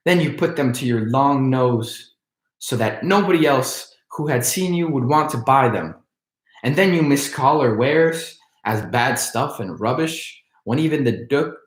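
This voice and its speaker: A man's voice: medium pitch, voice pushed up, natural voice. A man voicing a spirited little boy in a storybook reading, in an echoey room. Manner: indignant.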